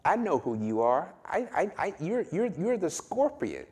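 A man's voice: sits high, very animated, normal speed, a little mellow, husky, pitched above the performer's own voice, exaggerated voice. A man voicing a wary male frog who stammers out his doubts in a sermon fable. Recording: long hall reverb.

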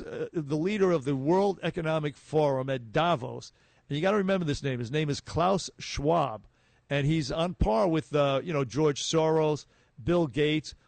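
Male talk radio host, slightly high, gravelly, emphatic. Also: darkish tone, no room sound. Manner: emphatic, often restarts with fillers.

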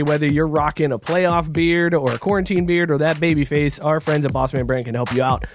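Upbeat joking podcast host, faint music. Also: male voice, on the high side. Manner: joking, laughs often. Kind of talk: casual chat and ad read.

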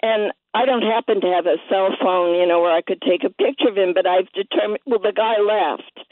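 A woman's voice: medium pitch, no echo. Indignant woman caller on a phone line. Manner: indignant, storytelling. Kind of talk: phone-in call.

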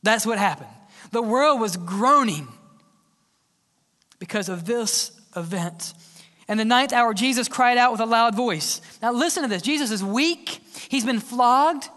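A male pastor preaching a sermon, swinging between loud cries and hushed whispers. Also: very high voice, expressive, unhurried. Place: large church hall. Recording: long church-hall reverb.

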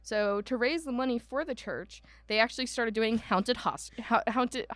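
A woman's voice: on the high side, lively intonation, moderate pace, a bit bright, no room sound. Chatty woman, dry close sound. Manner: chatty storyteller, many "um"s and asides, mock voices for quoted people. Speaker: podcast co-host. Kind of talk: casual chat about a haunted house.

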